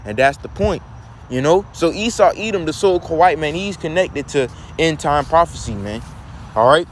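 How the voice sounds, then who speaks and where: A man with a fairly high voice teaches from scripture and keeps posing rhetorical questions to his listeners. He preaches in a plain, steady way. Faint traffic hums behind him. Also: moderate pace.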